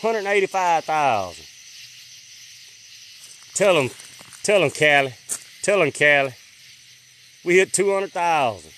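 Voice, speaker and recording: A man hosting a late-night livestream from a rural farm on his phone. He rattles off viewers' names in a drawl and drops to a hush when he listens for sounds. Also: a little high, big pitch swings, slow pace, long pauses, a little hiss or hum. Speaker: livestream host.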